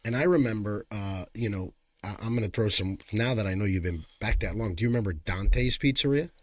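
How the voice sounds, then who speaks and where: A man with a New York accent co-hosting a podcast in a studio, telling animated stories and ribbing his partner. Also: lowish voice, brisk, no echo. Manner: animated storyteller, playful ribbing. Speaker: podcast co-host. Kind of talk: casual chat. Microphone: studio microphone.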